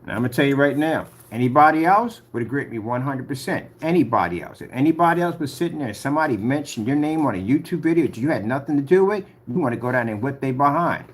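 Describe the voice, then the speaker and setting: A man's voice: medium pitch, lively intonation, fast, hardly any pauses. A man speaking straight to the camera, confrontational and rambling as he warns a rival. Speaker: YouTuber addressing a rival. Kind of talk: direct-to-camera rant.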